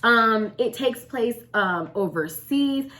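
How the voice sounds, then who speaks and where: A woman co-hosting a casual audiobook chat, her pitch swinging in lively leaps. Her voice is bright and forward. She talks loosely, with slang and fillers like "um" and "like.". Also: slow pace. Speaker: podcast co-host.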